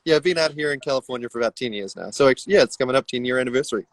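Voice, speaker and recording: Fast-talking New Zealand man. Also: medium pitch. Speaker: winegrower, guest. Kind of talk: casual live-stream chat. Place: outdoors.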